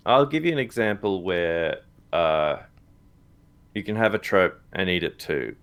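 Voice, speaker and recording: A man co-hosting a live watch party, chatting casually about a TV episode in a halting way, with many fillers, restarts and chuckles. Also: deep voice, expressive, a bit bright. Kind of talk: casual chat reacting to a TV episode. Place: live stream setup.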